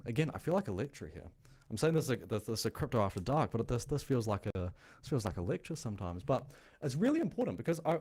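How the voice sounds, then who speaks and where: This is a man hosting a crypto show, with a medium-pitched, a little mellow voice and a noticeable non-American accent. He explains casually, bluntly and chattily, thinking aloud as he goes.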